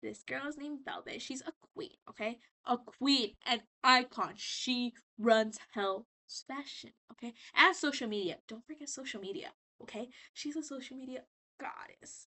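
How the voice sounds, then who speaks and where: A slightly tipsy woman chats her way loosely through a recap as she doodles. Her voice sits a bit high and rings sharp and bright. She swears freely and jumps in and out of characters' lines on the fly. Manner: chatty and profane, acts out characters' lines in quick bursts. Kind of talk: casual rambling recap while drawing.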